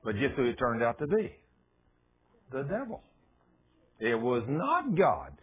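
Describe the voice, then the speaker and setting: A man preaching a sermon who tells a story dramatically and drops to a hush when he quotes someone. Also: medium pitch, huge pitch swings, a little slow, breathy edge. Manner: dramatic retelling, dropping to hushed tones for quotes. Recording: tinny phone-like radio broadcast.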